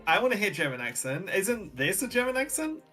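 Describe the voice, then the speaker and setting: A guest on a stream chats along with a very lively, bright voice that swings up and down a lot. They keep giggling and add quick little reactions. Faint music plays behind them. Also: medium pitch. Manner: giggly, chimes in with short reactions. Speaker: guest on call. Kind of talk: casual chat.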